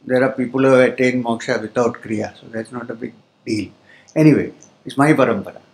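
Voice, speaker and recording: A man, a spiritual teacher, giving a spiritual discourse to a live audience in a hall. He explains slowly, pauses often, and chants Sanskrit terms. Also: mid-range voice, a little mellow.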